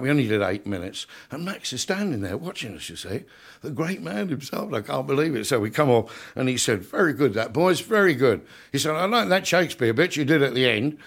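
A man's voice: mid-range voice, gravelly. An older man telling stage stories to a live crowd. He talks in a chatty, easy way and often chuckles as he goes. He slips into other people's voices when he quotes them. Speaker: comedian telling showbiz stories. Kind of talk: anecdotal storytelling to an audience.

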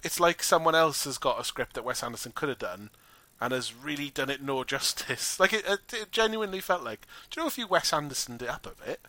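Lively bright-voiced man chatting. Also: a little high, brisk, dry recording. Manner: animated, wry, swears casually. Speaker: podcast co-host. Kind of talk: casual film discussion.

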